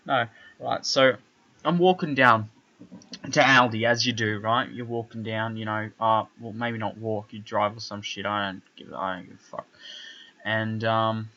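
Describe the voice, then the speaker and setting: A young man telling a story in casual podcast chat, animated and full of swearing, asking "right?" as he goes. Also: on the low side, normal speed, highs cut off. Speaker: podcast co-host.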